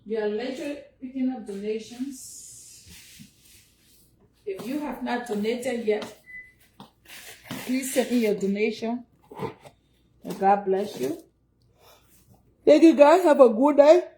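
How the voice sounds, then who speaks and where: Liberian lady on a livestream, high voice, chatting and preaching bout donations. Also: takes it slowly, long pauses, mellow, slight background noise. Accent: Liberian English. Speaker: livestream host. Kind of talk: casual livestream chat.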